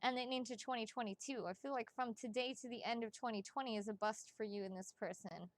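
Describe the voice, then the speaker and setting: A woman doing psychic readings on a laid-back live stream talks fast in a voice on the high side. She's excitable and talkative, cursing without restraint and speaking straight to the people watching.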